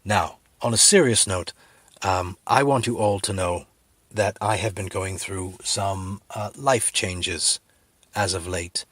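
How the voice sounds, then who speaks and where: A middle-aged man telling a rambling comic story full of fillers, with a husky voice. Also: low-pitched, slow, no room sound. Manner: rambling, filler-heavy, deadpan, then sincere. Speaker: comedic video host.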